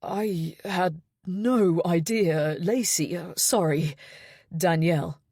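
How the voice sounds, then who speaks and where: A woman voicing a wealthy young man who speaks with a trembling, quiet voice. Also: fairly low pitch, slow, no echo, studio quality. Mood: wistful.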